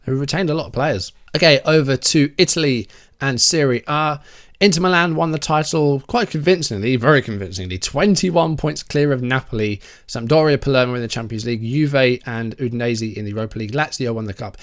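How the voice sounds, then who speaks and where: A man's voice: medium pitch, a little fast. A man giving casual game commentary, musing aloud as he reviews results and reacts with easy surprise. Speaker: gaming YouTuber.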